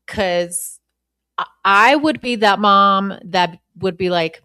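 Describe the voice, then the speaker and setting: A woman's voice: medium pitch, takes it slowly, pushed and bright, clean tone, no room sound, studio quality. A woman hosting a podcast, giving blunt, profane and indignant commentary between clips. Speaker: podcast host. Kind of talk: live commentary over a played clip.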